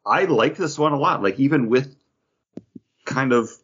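Husky, lively-voiced man chatting about comics. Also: mid-range voice, normal speed, lo-fi sound. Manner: rambling, filler-heavy, jokey. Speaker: podcast co-host. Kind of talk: casual comics podcast chat.

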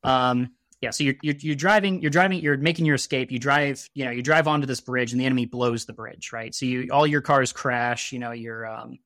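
Man, mid-pitched voice, loose rambling storyteller heavy on fillers, close and dry sound. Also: fairly bright tone, dry recording. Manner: laughs at his own jokes. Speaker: podcast guest. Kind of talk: casual chat.

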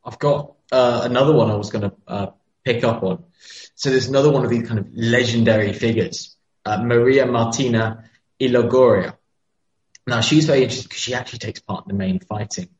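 A man's voice: mid-range voice, fairly quick, darkish tone. A man retelling history in a casual podcast chat, hesitant and storytelling. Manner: hesitant, many fillers and restarts, storytelling. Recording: dull lo-fi sound.

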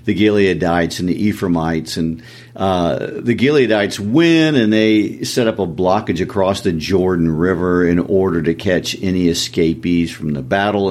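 A man's voice: sits low, a little mellow. A man, co-hosting a literary discussion and telling stories in an easygoing way. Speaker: podcast co-host.

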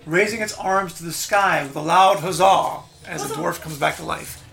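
A man's voice: on the high side, normal speed, vocal fry, fairly bright tone. A man narrating as game master in a loose, rambling way.

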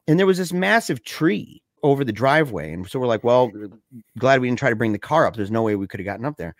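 A young man telling a scary story in a casual way, excited and slangy, saying dude and man a lot. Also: medium pitch, fast talker, no echo, clean studio sound.

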